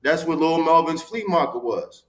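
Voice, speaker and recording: Animated man in his forties. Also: on the high side, normal speed, reverberant. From Baltimore, USA. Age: 40s. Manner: animated, street-talking, profane, emphatic. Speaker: podcast guest. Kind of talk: candid storytelling interview.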